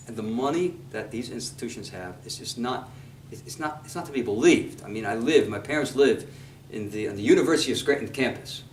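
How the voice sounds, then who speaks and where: Animated rabbi, echoey room, far mic. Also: male voice, mid-range voice, slight background noise. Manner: animated storytelling, mixes Hebrew quotes and English. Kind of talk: sermon on scripture. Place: congregation hall.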